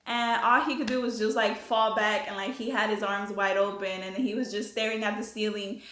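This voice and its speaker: Young woman vlogger, animated storytime chat, mid pitch, echoey room. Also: a little fast, slight background noise. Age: young adult. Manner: chatty, animated, swears freely, many fillers. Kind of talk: casual storytime.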